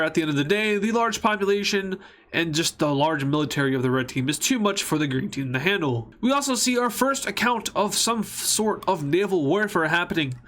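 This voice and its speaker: A man's voice: high-pitched, a bit bright. A young man hosting his own channel, narrating a map scenario in a casual, rambling way with jokey, self-mocking asides. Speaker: YouTube mapping channel host.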